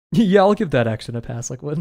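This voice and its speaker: This streamer from the United States has a fairly high, slightly mellow voice. He's young, drawing live on stream while he rambles, giggles and fills his talk with filler words.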